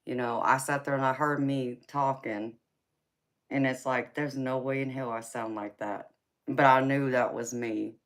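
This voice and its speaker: A woman's voice: very deep voice, fairly even intonation, a little slow. Teasing woman with a Southern drawl. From California. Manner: chatty and teasing, laughs often, calls viewers honey and baby. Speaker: livestream tarot reader host. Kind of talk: casual live-chat banter with viewers.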